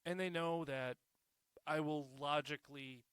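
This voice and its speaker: A man's voice: on the high side, fairly even intonation, measured pace, a bit bright, smooth, no room sound, studio quality. A man hosting his own podcast alone, talking in a sarcastic, joking way with swearing and frequent self-corrections, wired on caffeine. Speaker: podcast host. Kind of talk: solo podcast monologue.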